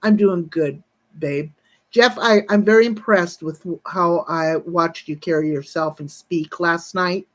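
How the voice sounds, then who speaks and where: A woman's voice: on the low side, unhurried. Woman in her sixties, rambling and profane. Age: 60s. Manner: breaks off to greet chat viewers. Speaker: livestreamer. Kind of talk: casual livestream chat.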